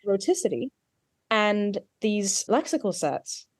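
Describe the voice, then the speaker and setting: A woman's voice: medium pitch, sing-song, takes it slowly, no room sound, studio quality. A woman dialect coach giving an accent lesson, explaining mouth positions patiently and in technical detail.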